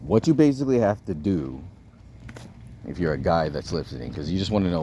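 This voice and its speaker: A man's voice: low voice, sing-song, a little fast, dark tone, slight background noise. A man talking to the camera in a casual, rambling vlog, swearing a lot and often restarting his sentences. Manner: rambling, profane, repeats words and restarts often. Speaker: vlogger giving dating advice.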